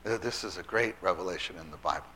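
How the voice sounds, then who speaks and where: Speaking fast in a low voice, a man gives an animated Bible teaching talk to church children's workers, stressing and repeating key phrases.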